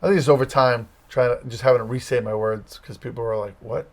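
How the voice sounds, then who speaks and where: A man's voice: mid-range voice, fairly even intonation, fast talker. A man from Massachusetts with a light Massachusetts accent, telling stories casually as an interview guest. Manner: rambling, anecdotal storytelling. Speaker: guest, campus ministry leader.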